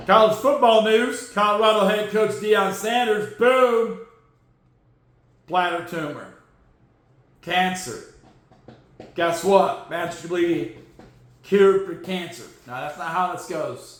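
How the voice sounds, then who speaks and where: Man, football podcast host, sarcastic, joking, high voice, very echoey room. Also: a little slow. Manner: sarcastic, joking, swings between loud outbursts and low mutters. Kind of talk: casual sports commentary.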